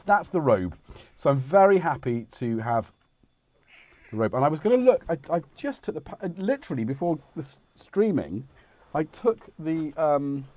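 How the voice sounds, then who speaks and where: Broadcasting a livestream from a home studio, a middle-aged man with a higher, slightly mellow voice chats casually and meanders, often stopping mid-sentence. There's no room sound in the recording.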